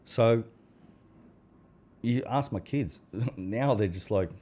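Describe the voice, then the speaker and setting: Blunt, low-voiced man in his forties. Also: slow, dark tone, slightly rough. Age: 40s. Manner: blunt, swears, acts out quoted exchanges. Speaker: podcast guest. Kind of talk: casual chat.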